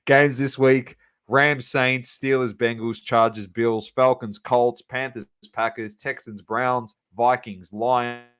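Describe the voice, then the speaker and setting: A man's voice: mid-range voice, steady tone, slow, fairly bright tone, clear, resonant tone. A man co-hosting a sports podcast, running through scores casually with plenty of fillers and banter. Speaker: podcast co-host.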